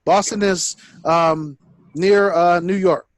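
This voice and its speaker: A man's voice: sits high, steady tone, takes it slowly, dry recording. A man working as a sales coach, giving blunt, direct corrections in a coaching session.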